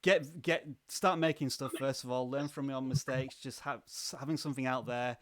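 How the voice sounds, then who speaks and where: A man hosting a livestream interview, chatting enthusiastically with halting restarts. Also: medium pitch, fairly even intonation. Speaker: livestream host. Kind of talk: casual interview chat.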